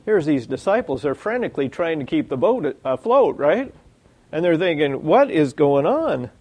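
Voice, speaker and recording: A man preaching a sermon, reading scripture aloud and acting out the lines of the people in the story with lively energy. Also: on the high side, moderate pace. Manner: animated, acts out quoted lines, reads scripture.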